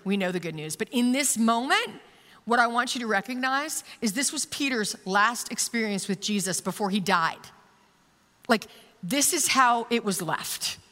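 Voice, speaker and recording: A woman's voice: mid-range voice, sharp tone. A woman giving a casual, conversational sermon, telling a story animatedly with plenty of fillers. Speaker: preacher. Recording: long reverb of a large hall.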